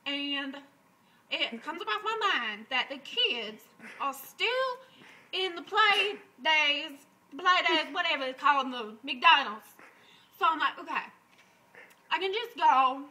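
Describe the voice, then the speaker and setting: A man's voice: very high voice, expressive, slow pace, full character voice, low-quality recording. A man doing a brash, crude young woman. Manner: loud, crude, laughing while talking. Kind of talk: improvised comic monologue.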